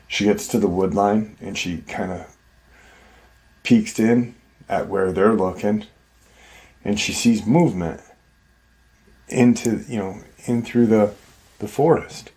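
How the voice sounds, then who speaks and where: A man's voice: fairly low pitch, darkish tone. A man hosting a show, retelling a story in a casual, rambling way full of "you know" fillers. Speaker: host.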